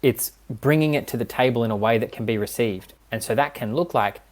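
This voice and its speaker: A man's voice: medium pitch, a little fast. A man speaking as a relationship coach and podcast guest, earnest and explanatory, often checking in with his listener. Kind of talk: casual podcast conversation.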